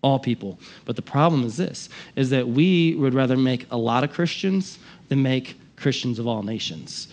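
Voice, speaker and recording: A man preaching a sermon as pastor, impassioned, swinging from loud emphatic lines to quiet asides. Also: medium pitch, lively intonation, moderate pace.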